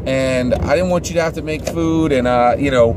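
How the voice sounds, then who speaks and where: A woman's voice: rumbling low, moderate pace, noisy background. A man voicing a sweet, overly polite church lady who brings a pie to a neighbor. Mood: sweetly polite.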